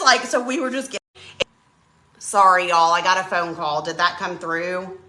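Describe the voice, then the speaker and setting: A woman chatting casually on a live stream while she paints, telling a dramatic, animated story. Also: mid-range voice, normal speed, pauses often, reverberant. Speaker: craft channel host.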